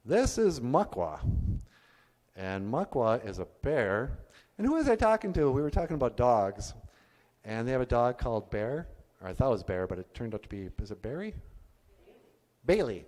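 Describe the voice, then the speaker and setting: A man with a lively, bouncing voice chats and rambles as he introduces his puppets. The sound comes from a stage in an arts venue, carried in a long hall reverb. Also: mid-range voice, normal speed. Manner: chatty, rambling. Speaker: puppeteer and comedian.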